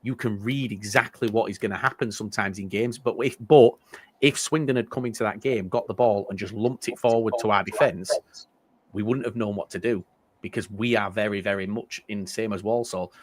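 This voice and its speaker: A man's voice: fairly low pitch, fairly quick. A man co-hosting a casual football podcast, telling rambling stories with lots of restarts. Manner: rambling, restarts often, animated storytelling. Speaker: podcast co-host.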